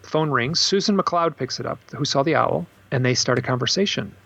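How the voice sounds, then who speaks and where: A man with a gravelly, husky voice tells stories in an interview, and his pitch jumps up when he acts out what people said. The recording sounds dull and slightly lo-fi. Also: a little fast. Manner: animated storyteller, acts out quotes with bursts of high pitch. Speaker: author and guest. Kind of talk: storytelling in a podcast interview.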